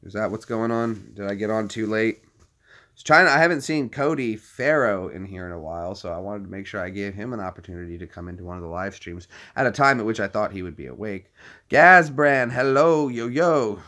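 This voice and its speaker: A man's voice: on the low side, lively intonation, brisk, sharp tone. A man in his thirties chatting casually to a live-stream audience, rambling and joking. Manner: rambling, jokey, puts on silly voices.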